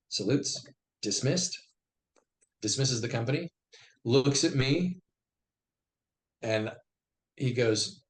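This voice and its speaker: Brief: middle-aged veteran man, mid-pitched voice, conversational yarn-spinner who acts out the quotes. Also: takes it slowly, pauses often. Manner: acts out quoted dialogue in lively bursts. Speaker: podcast guest, army veteran. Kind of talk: conversational storytelling.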